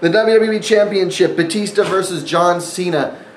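A man's voice: high-pitched, normal speed, echoey room, a little hiss or hum, poor audio. A man hosting a casual wrestling review monologue, sarcastic and rambling, with frequent fillers. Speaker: wrestling event reviewer, channel host.

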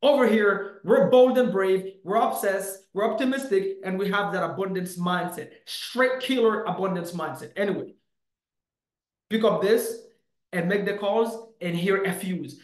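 A man coaching to camera in a punchy, emphatic way, with lots of "bam" and "boom". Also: unhurried, roomy sound, low-quality recording. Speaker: real estate coach. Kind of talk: motivational teaching to camera.

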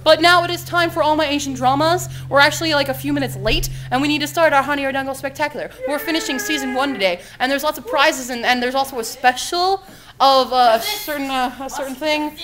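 A woman hosting a casual video diary, talking in an excitable, rambling way with quick restarts. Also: sits high, crowd noise, rough recording. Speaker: vlog host.

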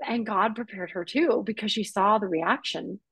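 A woman guest on a podcast telling her own story in an earnest, animated way, acting out what people said. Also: mid-range voice, moderate pace, creaky, breathy edge, no echo, low-quality recording. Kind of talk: personal testimony in conversation.

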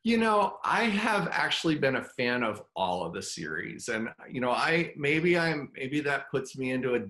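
A middle-aged man speaking as a guest in a casual interview, halting and heartfelt. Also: mid-range voice, big pitch swings, bright, forceful tone. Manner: halting, full of fillers and restarts; heartfelt, open about his feelings. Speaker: guest actor.

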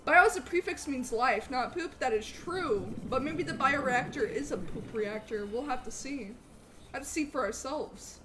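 A woman streaming a game live, chatting with viewers and swinging between loud greetings and low mutters. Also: a little slow, a little hiss or hum. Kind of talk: live gameplay commentary.

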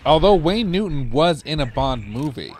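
A man's voice: a little high, big pitch swings, moderate pace, darkish tone. A man co-hosting a let's play, chatting casually and rambling through anecdotes with a loose, laughing manner. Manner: rambling storyteller, laughing at his own anecdotes; casual, loose, swears freely. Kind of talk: casual gaming chat.

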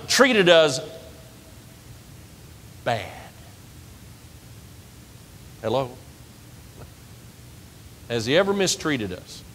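A man preaching a sermon as pastor, lively and conversational, asking the congregation questions and laughing along with them. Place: church sanctuary. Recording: reverberant church hall with faint rumble.

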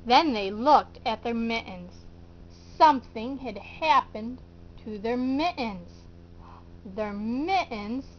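A woman's voice: sits high, fairly bright tone. A woman telling a preschool felt-board story in a sing-song way, coaxing the children to count, cheer and join in. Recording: dull lo-fi recording.

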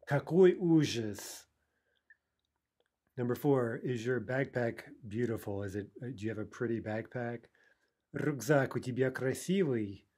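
A male teacher talks through a recorded language lesson in a mellow, slightly husky voice. He explains patiently, with "uh" and "right?" between points. In the drills he lets out mock-dramatic sighs. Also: medium pitch, moderate pace.

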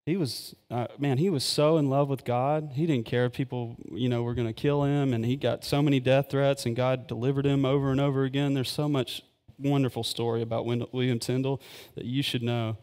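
A man preaching at a live church service in an easy, rambling way, full of fillers and restarts. His eagerness comes through in quick asides to the congregation. His mid-pitched voice rings out into a long reverb from the hall. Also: fairly even intonation, a little mellow. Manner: rambling, filler-heavy and enthusiastic. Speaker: pastor. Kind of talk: casual live sermon. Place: church sanctuary.

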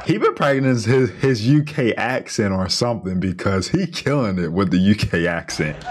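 A man hosting a reaction video, talking casually in an excitable way with frequent laughs. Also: lowish voice, moderate pace, a little hiss or hum.

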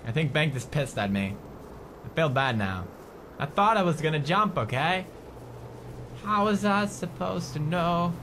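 A man in his twenties giving playful, excitable let's-play commentary and chatting to his game companion. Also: a little high, noisy background. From Sweden. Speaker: gaming host. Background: game music.

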